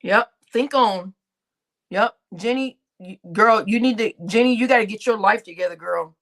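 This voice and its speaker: A woman's voice: mid-range voice, normal speed, a bit bright. A woman hosting a live stream, talking in a blunt, slangy, profane way, scolding people and laughing between remarks. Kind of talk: casual live stream rant.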